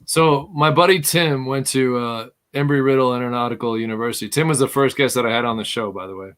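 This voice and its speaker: Middle-aged man, animated storytelling host. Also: mid-range voice, fast, smooth. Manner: animated, laughing often while telling a story. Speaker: podcast host. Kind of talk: casual storytelling chat.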